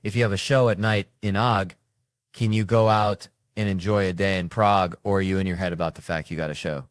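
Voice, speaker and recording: A man hosting a talk show, asking brisk questions and reading plugs with wry asides. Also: low-pitched, steady tone, dry recording, clean studio sound.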